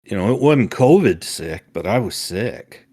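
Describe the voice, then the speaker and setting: A man's voice: lowish voice, lively intonation, unhurried, warm tone, slightly rough. An older man, a father co-hosting a family podcast, chatting casually in a rambling way with many fillers and restarts. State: recovering from a summer cold.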